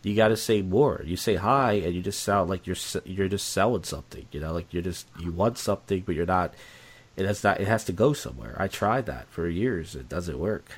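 A man's voice: low voice, brisk, husky. A man talking candidly in casual conversation, rambling and repeating himself, blunt and profane.

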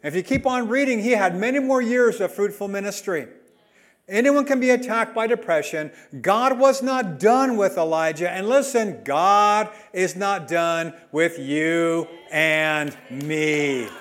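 A man preaching a sermon as a pastor, emphatic, swinging between loud and soft delivery. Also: high-pitched, unhurried.

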